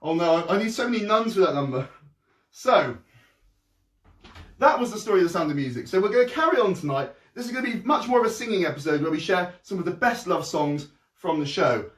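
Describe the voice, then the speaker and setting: A man's voice: sits high, expressive, brisk, a bit bright, far from the mic. A man hosting a live online musicals show at home, chatty and self-mocking. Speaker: host. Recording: roomy echo, off-mic.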